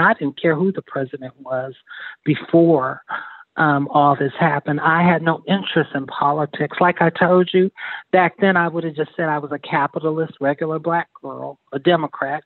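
A woman's voice: low voice, no echo. Earnest woman on a tinny phone line. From Baltimore, United States. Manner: earnest, rambling, repeats and restarts often. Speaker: interview guest. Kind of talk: phone interview, personal account.

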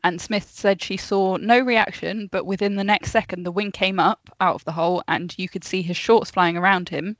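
A woman's voice: medium pitch, steady tone, normal speed, few pauses, fairly bright tone, no echo, muffled recording. A woman co-hosting a casual podcast, telling a story from her notes with chatty asides and frequent laughs. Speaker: podcast co-host.

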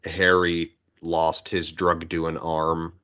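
A man's voice: deep voice, drawn-out words, smooth, muffled recording. A man talking casually and at length about a film, acting out quotes in other voices. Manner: rambling, animated, acts out quotes in voices. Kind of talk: casual podcast discussion.

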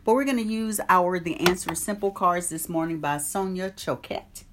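Her voice is fairly low and her pace normal, with a little hiss or hum in the audio. She hosts an online meditation group's live stream, chatting casually, welcoming viewers by name, and doing an oracle card reading.

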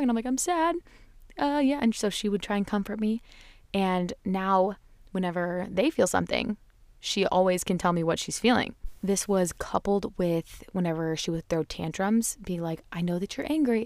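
Chatty young mom, lowish dry voice. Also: female voice, no echo. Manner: chatty and candid, full of "like" and "you know"; acts out her children's voices in quotes. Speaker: parenting podcast host. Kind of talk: casual chat.

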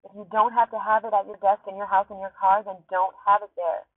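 A woman's voice: mid-range voice, little pitch movement, quick pace, no echo, phone-quality sound. A woman hosting a podcast from her car, tearful and shaken, talking urgently and swearing often in an emotional monologue. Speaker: podcast host. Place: parked car.

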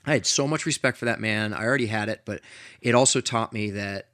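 A middle-aged man hosting an interview and telling a story in an earnest, animated way, with frequent restarts. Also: on the low side, fast, no room sound, clean studio sound. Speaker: podcast host.

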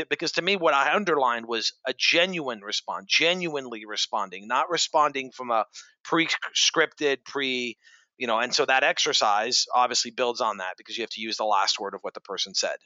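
A man's voice: medium pitch, moderate pace, bright, forceful tone, no room sound, highs cut off. A man hosting a podcast interview, chatting casually and telling anecdotes. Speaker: podcast host.

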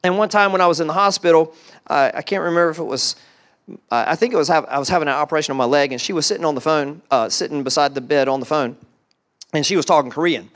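This pastor talks fast in a fairly high pitch, preaching a lively sermon packed with rhetorical questions and the odd hushed aside.

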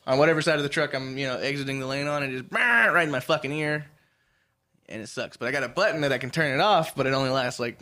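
A young man telling casual, profane road stories with laughter as a podcast co-host. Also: medium pitch. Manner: profane, animated storytelling with laughs. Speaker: podcast co-host, truck driver. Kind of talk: casual chat.

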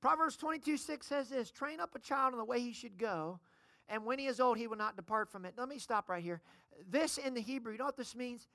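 A middle-aged woman pastor preaching a sermon, calling on the congregation to shout amen. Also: on the high side, expressive, brisk, dry recording, clean studio sound. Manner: preaching, calls for amens from the congregation.

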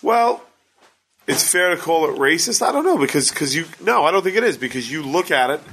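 A man in a casual podcast chat, cutting in with quick blunt remarks. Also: on the high side, very animated, fairly bright tone, husky.

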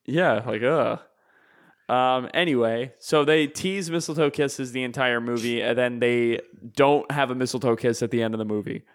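A man's voice: medium pitch, normal speed. A man co-hosting a podcast, rambling casually as he retells movie scenes with plenty of fillers. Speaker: podcast co-host. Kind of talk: casual chat.

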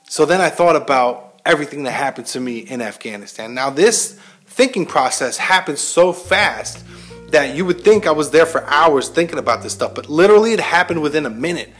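Profane, animated storytelling man. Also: fairly high pitch, a little fast, faint music behind. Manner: heavily profane, animated, self-mocking. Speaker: military veteran host. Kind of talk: casual storytelling monologue.

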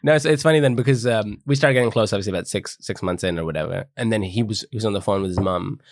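A man in his twenties from India with an Indian accent, telling animated stories in a casual chat among friends and laughing often. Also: lowish voice, quick pace, dry recording, clean studio sound.

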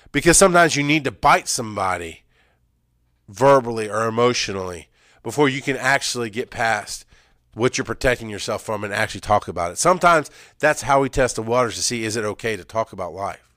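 Middle-aged guy talking straight to fellow medics, blunt, goes loud then drops quiet, dry close sound. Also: medium pitch, no room sound. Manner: earnest, blunt, swings between loud emphasis and quiet asides. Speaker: EMS worker speaking on mental health. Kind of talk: candid personal talk to peers.

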